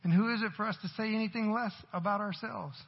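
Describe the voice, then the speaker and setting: A man's voice: high-pitched, steady tone, fast, creaky, husky, in a large hall, highs cut off. A man who is a parent, preaching a church sermon, earnestly posing questions to the congregation. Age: adult parent. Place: church sanctuary.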